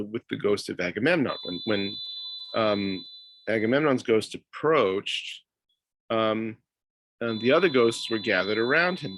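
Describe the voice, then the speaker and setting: A man's voice: on the low side, creaky, a bit bright, dry recording. A man giving a university lecture, hesitant, with many fillers and restarts.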